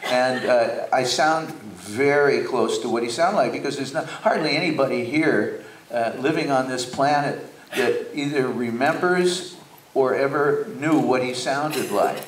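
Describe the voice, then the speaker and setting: An older man telling stories slowly on stage, with many hesitations. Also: mid-range voice, far from the mic, a little hiss or hum. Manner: slow, anecdotal, hesitant. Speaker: guest speaker. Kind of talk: on-stage conversation. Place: theater stage before an audience. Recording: roomy hall, mic from afar.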